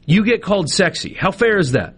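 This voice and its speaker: Husky man hosting sports radio. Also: sits high, sing-song, a little fast, a bit bright. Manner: joking, self-deprecating banter. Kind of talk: casual radio chat.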